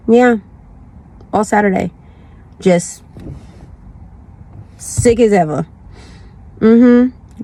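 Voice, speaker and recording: A woman's voice: lowish voice, fairly even intonation, slow, pauses often, mellow. A woman vlogger chatting casually from her car, congested from the flu, rambling and repeating herself. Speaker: lifestyle vlogger. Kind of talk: casual chat.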